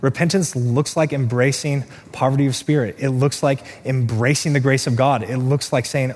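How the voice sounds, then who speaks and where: A pastor delivering an earnest sermon, moving between quick asides and slow, stressed lines. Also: male voice, medium pitch, steady tone, darkish tone. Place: church sanctuary. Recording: reverberant hall, faint room noise.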